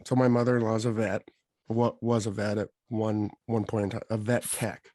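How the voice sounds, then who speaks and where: A man co-hosting a podcast, telling a long, rambling story in a casual, animated way. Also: on the low side, normal speed, dry recording. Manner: rambling, animated, quotes others in his telling. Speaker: podcast co-host.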